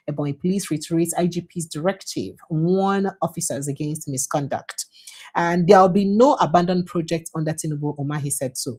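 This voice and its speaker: Low husky Nigerian woman reading headlines. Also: dark tone. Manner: reads headlines quickly, slips into Pidgin asides. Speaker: news show host. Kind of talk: reading and commenting on newspaper headlines.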